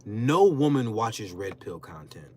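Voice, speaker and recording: A man's voice: on the low side, unhurried, slight background noise. A young man and content creator talking in a casual, slangy rant on a podcast, emphatic and mocking. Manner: animated, emphatic, slangy, mocking quoted voices. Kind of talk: casual talk-show rant.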